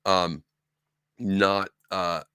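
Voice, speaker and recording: A podcast host delivers casual solo commentary from a room with sci-fi collectibles behind him, rambling sarcastically with lots of ums and restarts. His low voice is bright, forceful, clear and resonant, yet flat and very slow. The recording is dry and studio quality.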